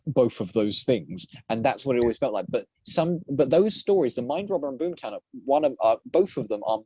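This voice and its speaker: Guy rambling on a podcast, lots of restarts, mid pitch, dry close sound. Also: fairly quick, husky, dry recording. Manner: rambling, many restarts, lively. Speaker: guest, voice actor and prop maker. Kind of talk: casual podcast chat.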